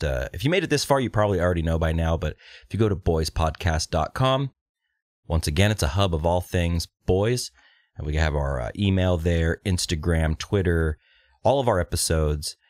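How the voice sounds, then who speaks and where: Low-voiced man hosting a podcast. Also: moderate pace, no room sound, studio quality. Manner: relaxed, rambling, filler-heavy. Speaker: podcast host. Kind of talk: casual chat.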